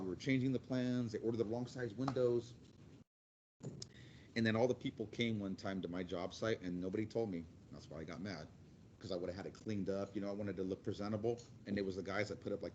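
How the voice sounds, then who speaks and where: Blunt, quick-talking construction manager in his forties, guest speaker, lo-fi sound. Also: fairly low pitch, a little hiss or hum. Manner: rambling, blunt, quick with repeated restarts. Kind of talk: casual storytelling to a class.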